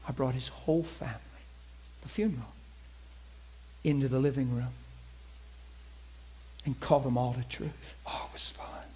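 Animated male preacher telling a story. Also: mid-range voice, moderate pace, pauses often, lo-fi sound. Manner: animated storyteller acting out quoted people. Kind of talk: sermon storytelling.

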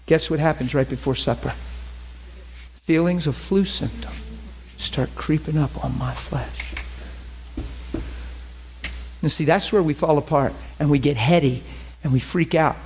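A man preaching a sermon, telling a personal story and acting out the dialogue with lively feeling. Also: fairly high pitch, normal speed, long pauses. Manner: animated, acts out dialogue, laughs and cries while telling. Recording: muffled lo-fi recording with faint hiss.

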